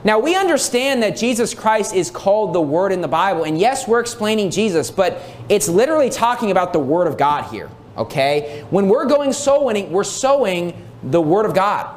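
A man's voice: sits high, big pitch swings, moderate pace, few pauses. Emphatic male preacher reading scripture. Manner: emphatic, repeats key phrases, reads scripture aloud. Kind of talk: sermon.

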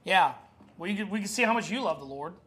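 High-voiced fervent preacher man. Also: lively intonation, rapid-fire, fairly bright tone. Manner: fervent preaching, shifting to a low chatty storytelling tone. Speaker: pastor. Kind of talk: sermon.

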